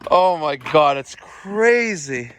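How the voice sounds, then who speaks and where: A man, vlogging outdoors while servicing air conditioners, excitable and quick to exclaim and laugh. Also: a little high. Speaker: plumbing and HVAC contractor. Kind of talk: on-the-job vlog. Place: outdoors at a house.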